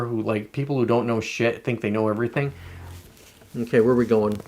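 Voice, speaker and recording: A man's voice: medium pitch, fairly even intonation, a little fast. A man hosting his own show from home, rambling through casual commentary with plenty of swearing and restarts. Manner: rambling, profane, self-interrupting. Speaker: show host. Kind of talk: casual political commentary monologue.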